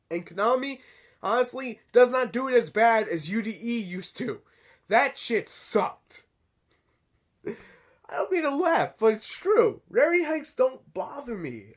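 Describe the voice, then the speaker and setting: A man talks straight to his viewers in a loose, rambling opinion piece. His voice sits high and swings widely, and he swears casually and stumbles into restarts as he talks. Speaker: channel host.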